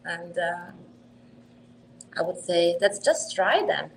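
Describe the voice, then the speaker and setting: A woman in her twenties with an Italian accent, speaking English as a second language in a casual interview, earnest and quick to laugh. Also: on the low side, expressive, creaky, slight background noise, rough recording. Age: 20s. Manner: earnest, laughs easily, slight non-native phrasing. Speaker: hat company owner.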